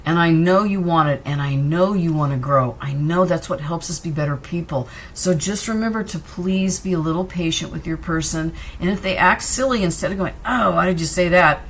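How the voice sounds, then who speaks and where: A woman's voice: deep voice, fairly quick, hardly any pauses, a little hiss or hum. Chatty, reassuring woman tarot reader. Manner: chatty, reassuring, talks straight to the viewer; loose and wandering, jumps between cards. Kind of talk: casual tarot reading to viewers.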